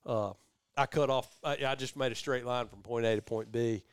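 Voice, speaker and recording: A man's voice: mid-range voice, moderate pace, clean tone, dry recording. A middle-aged man, hosting a podcast and telling a long rambling story in casual chat. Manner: rambling storyteller, animated voices for quoted people. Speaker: podcast host.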